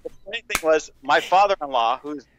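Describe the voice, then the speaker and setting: A man's voice: on the high side, lively intonation, fairly quick, fairly bright tone, slight background noise. A man co-hosting a casual podcast, telling a rambling, profane story and laughing often. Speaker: podcast co-host.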